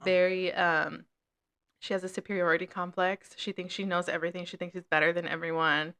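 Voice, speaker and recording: A young woman co-hosting a casual chat, telling a work story in a lively way and swearing often. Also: lowish voice, a little fast. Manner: animated storytelling with frequent swearing. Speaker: podcast co-host.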